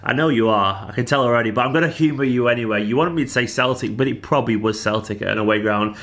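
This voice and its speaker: A Mancunian man in his thirties rattles through viewers' questions at a quick clip. His voice sits in a middle register. He talks in a chatty, animated way, teasing the people who sent in questions. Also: mid-range voice. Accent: Manchester. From Manchester, England. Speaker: football fan vlogger. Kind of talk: casual Q&A vlog.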